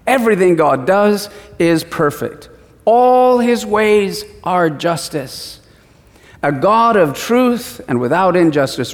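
A man preaching a sermon, asking the congregation questions and acting out short exchanges. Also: on the high side. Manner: asks the congregation questions, acts out short dialogues. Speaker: pastor. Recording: long hall reverb.

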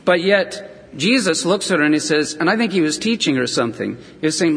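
Husky male preacher in a reverberant hall. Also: a little high, expressive, brisk, hardly any pauses, a bit bright. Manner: storytelling, acts out voices of scripture figures. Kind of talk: sermon. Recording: long reverb of a large hall.

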